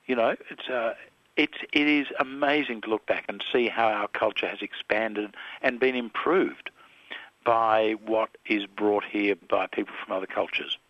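A man's voice: fairly low pitch, unhurried, no echo, lo-fi sound. A man in his seventies with an Australian accent, a filmmaker answering interview questions thoughtfully, with hesitations and restarts. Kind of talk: reflective radio interview.

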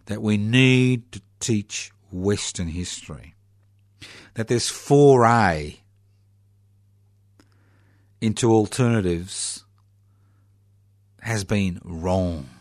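Clean studio audio with no room sound captures a fairly low-pitched Australian man. His political monologue is sardonic, built on rhetorical questions, and he leans slowly and heavily on important words.

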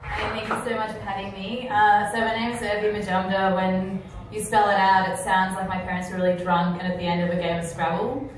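A woman's voice: medium pitch, little pitch movement, a crowd in the background. A young woman from India, performing a playful, self-mocking stand-up set. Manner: playful, quick asides, jokey self-mockery. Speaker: stand-up comedian. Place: comedy venue on stage. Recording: roomy echoing venue, mic far off. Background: audience laughter.

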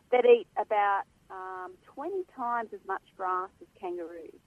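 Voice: mid-range voice, gravelly, no echo. A guest, speaking passionately and emphatically about animal welfare in a phone interview. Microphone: telephone. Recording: tinny phone line.

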